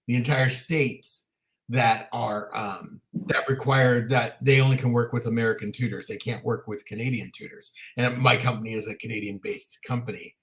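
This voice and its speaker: A man's voice: mid-range voice, fairly bright tone. A man co-hosting a casual talk show livestream, chatty and often restarting his sentences. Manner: chatty, frequent self-restarts. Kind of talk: casual chat. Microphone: livestream setup.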